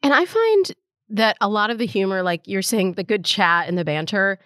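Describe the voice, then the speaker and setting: A woman's voice: mid-range voice, expressive, normal speed, fairly bright tone, no room sound, studio quality. A woman hosting a podcast in casual conversation, chatty with lots of fillers and easy laughter. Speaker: podcast host.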